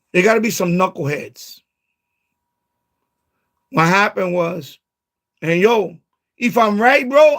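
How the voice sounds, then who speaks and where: High-voiced, profane man on a live stream. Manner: profane, excitable, keeps saying bro. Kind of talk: casual late-night chat.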